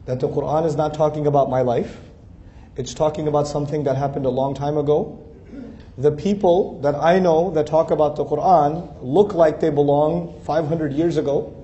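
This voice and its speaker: A man's voice: on the high side, steady tone, normal speed, warm tone, dull audio, a little hiss or hum. A man giving an earnest religious lecture, building lists of phrases and rising to emphatic peaks. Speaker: Islamic speaker. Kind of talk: lecture to a Muslim audience.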